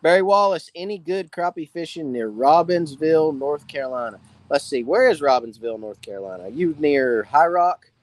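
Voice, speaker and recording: A fishing channel host greets viewers by name during a relaxed live Q&A held beside a campfire outdoors. He speaks at a moderate pace in a slightly high, animated voice.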